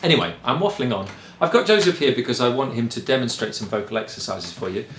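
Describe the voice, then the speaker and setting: A man from England with a Kent accent, a choir director explaining singing in a relaxed, rambling way with frequent ums. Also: mid-range voice, fast talker, echoey room, slight background noise. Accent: Kent English. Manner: chatty and rambling, with frequent ums and light laughs. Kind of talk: relaxed spoken lesson.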